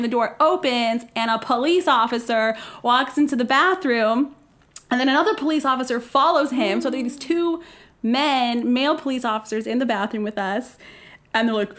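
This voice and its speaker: A young woman telling a story in casual podcast chat, acting out quotes in an animated way and laughing often. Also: on the high side, fairly quick.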